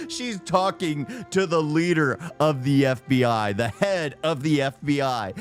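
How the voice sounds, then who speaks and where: A man gives casual, rambling reaction commentary, and his pitch swings widely as he goes. A faint bed of music plays underneath. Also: unhurried, few pauses. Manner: rambling, animated, laughs often. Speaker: reaction video host.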